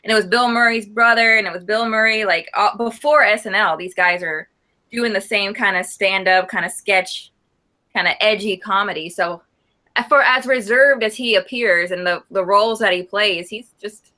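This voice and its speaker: A woman's voice: medium pitch, moderate pace, pushed and bright. A woman guest on a podcast, chatting casually and enthusiastically, sharing film trivia like a fan who knows her stuff. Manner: knowledgeable, enthusiastic film buff. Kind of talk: casual chat.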